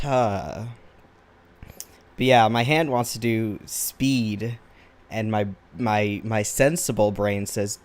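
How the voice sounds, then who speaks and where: A tired man talks his way through a drawing session in a fairly low voice. His delivery is slow and unhurried, wandering from thought to thought with self-deprecating asides in an easy, casual tone. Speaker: artist drawing on camera. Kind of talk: casual chat while drawing.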